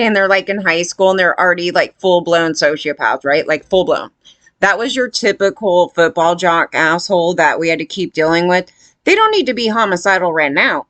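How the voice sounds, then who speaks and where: A woman's voice: lowish voice, animated, brisk, fairly bright tone, no echo. A woman giving casual, blunt commentary, rambling with lots of fillers and sounding disgusted.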